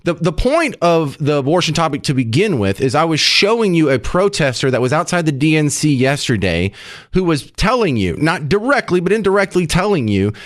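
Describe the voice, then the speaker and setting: A man's voice: on the high side, very animated, brisk, no room sound. A man hosting a talk radio show in a studio, chatting in an opinionated, joking way. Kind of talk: casual talk radio chat. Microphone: studio microphone.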